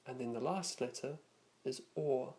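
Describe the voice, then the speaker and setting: A man teaching a lesson, narrating from a script and slowly demonstrating vowel sounds. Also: mid-range voice, a little mellow.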